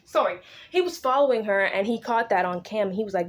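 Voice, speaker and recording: A young woman in a relaxed, slangy book recap. She swears easily and breaks into short impressions of the characters mid-sentence. Her voice sits at a middle pitch for a woman. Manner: slangy, swears freely, acts out characters' lines in quick asides. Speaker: book vlogger recapping a novel. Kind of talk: casual chatty book recap.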